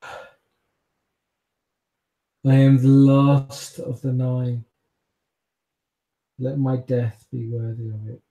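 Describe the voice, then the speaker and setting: A man voicing a despairing woman who leads a defeated order, speaking in a solemn, slow farewell. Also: medium pitch, flat delivery, dark tone. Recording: echoey room.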